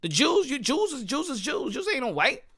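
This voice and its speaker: American man, boxing commentary host, profane rant with a high pitch, repetitive and combative. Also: very animated, moderate pace, bright, forceful tone. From United States. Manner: heated, profane, repetitive, rhetorical questions. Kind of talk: ranting commentary monologue.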